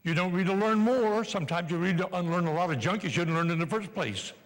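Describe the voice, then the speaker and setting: Older guy doing a playful pep talk, high bright voice, big hall reverb. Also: fast. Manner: animated, playful, urging the audience. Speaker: motivational speaker. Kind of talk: live motivational speech. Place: large hall before an audience.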